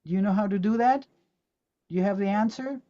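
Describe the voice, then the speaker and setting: A woman's voice: mid-range voice, brisk, mellow, highs cut off. A woman teaching pronunciation in an online talk for teachers. She demonstrates words aloud and keeps quizzing her audience. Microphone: video call.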